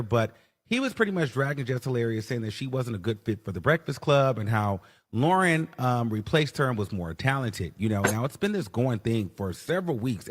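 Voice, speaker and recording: A man's voice: medium pitch, big-room sound. A man talking through an online commentary video, hesitant with many fillers. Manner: hesitant, many ums and uhs.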